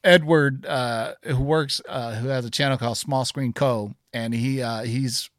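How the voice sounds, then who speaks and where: A man's voice: mid-range voice, steady tone, unhurried, dry recording. Man rambling casually with lots of um and uh, dry close-mic sound. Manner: rambling, many fillers and restarts. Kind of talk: casual chat about comics and movies.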